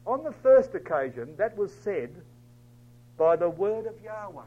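A man preaching a dramatic storytelling sermon, swinging from loud declaiming to hushed near-whispers. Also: high-pitched, sing-song, a little slow, a little hiss or hum. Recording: dull lo-fi recording.

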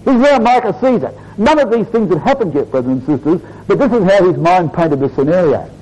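A man preaches an expository sermon, walking his listeners through the meaning of old place names. His voice sits high for a man and swings widely in pitch as he teaches. He keeps calling the congregation brothers and sisters. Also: animated, fast, darkish tone, dull audio. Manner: addresses "brothers and sisters", explains Hebrew word meanings.

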